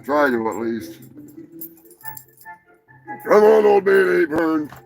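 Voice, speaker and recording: A man's voice: a little high, big pitch swings, slow pace, vocal fry, faint music behind, low-quality recording. A man hosting a live stream, rambling and crude in a comedic chat. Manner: rambling, crude, mock-shouting.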